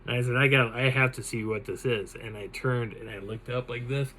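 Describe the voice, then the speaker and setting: A man recounts a personal encounter for his channel. He tells it dramatically and with animation, and his voice sits at a plain middle pitch. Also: fairly quick, poor audio. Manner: animated, dramatic retelling with laughs. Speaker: channel host. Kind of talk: telling a personal encounter story.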